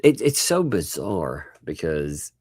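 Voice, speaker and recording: A man's voice: a bass voice, slow pace, breathy edge, dry recording, clean studio sound. A man with a Southern accent hosting a casual live stream, talking animatedly and laughing as he goes. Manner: animated, laughing, mocking voices in asides. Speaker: host.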